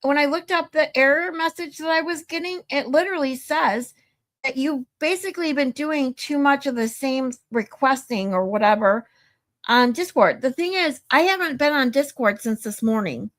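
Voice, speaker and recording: Woman streamer, casual chat, slightly high voice, swears, gets louder when irritated. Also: normal speed. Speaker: livestream host.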